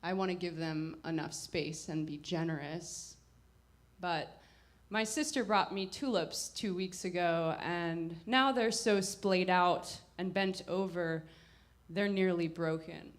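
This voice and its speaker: A woman telling a personal story at a live performance, wry and reflective, with halting pauses. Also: on the low side. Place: live performance before an audience.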